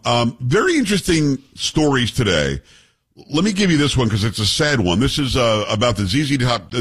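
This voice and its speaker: A man's voice: mid-range voice, fairly bright tone, slightly rough. A middle-aged man hosting a radio talk show, chatting casually and joking with his co-host. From Texas. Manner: chatty, joking, name-dropping asides. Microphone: studio microphone.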